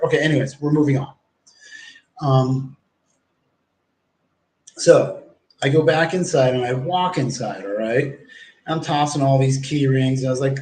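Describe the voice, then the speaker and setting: Man, mid-pitch, rambling foul-mouthed livestream storyteller, roomy echo. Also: measured pace, pauses often, darkish tone. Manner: rambling, profane, acts out quoted exchanges. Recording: echoey room.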